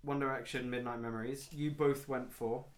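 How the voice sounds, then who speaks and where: A man's voice: medium pitch, fairly even intonation, moderate pace. Laid-back man hosting a podcast. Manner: laid-back, swears, says "mate". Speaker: podcast host. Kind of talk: casual chat.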